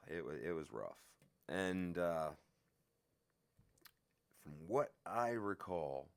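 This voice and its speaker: A man telling a story from his own life in a casual, profane, lively way. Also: low-pitched, extremely slow, creaky, clear, resonant tone.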